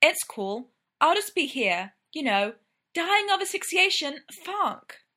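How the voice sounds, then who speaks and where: A woman's voice: sits high, sing-song, slow, sharp tone, pitched above the performer's own voice, heavily acted. A woman voicing a flustered young woman laced into a tight corset, whiny and exclamatory. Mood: complaining.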